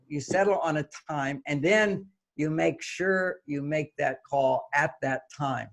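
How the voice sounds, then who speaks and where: A man's voice: fairly high pitch, unhurried, creaky, few pauses. An older man, a guest author in an interview, explaining his ideas and acting out little dialogues as he goes. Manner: animated, acts out little dialogues. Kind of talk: interview conversation.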